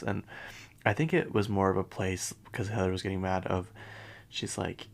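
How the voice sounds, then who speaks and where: A man hosting a casual pop-culture commentary podcast, chatty and full of fillers, often dropping into hushed asides. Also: lowish voice, fairly even intonation, a little fast, gravelly. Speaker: podcast host.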